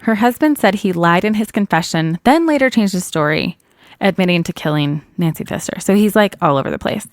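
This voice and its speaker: A woman's voice: fairly low pitch, expressive, fairly quick, dry recording. Chatty woman retelling a true crime case. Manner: chatty, laughs often, self-correcting. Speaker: true crime podcast co-host. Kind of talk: casual chat retelling a case.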